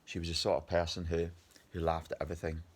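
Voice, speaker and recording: A man's voice: low voice, monotone, fast talker, husky. A Scottish man in his fifties, exhausted, rambling and swearing angrily in a personal video diary. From Scotland. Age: 50s. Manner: agitated, rambling, heavy swearing. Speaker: video diarist.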